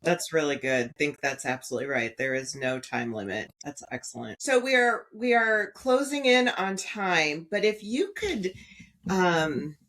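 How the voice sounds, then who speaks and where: A middle-aged woman hosting a podcast, speaking in a warm, affirming way and asking questions of her guests. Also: low-pitched, lively intonation, a little slow. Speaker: podcast host. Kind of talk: casual podcast conversation.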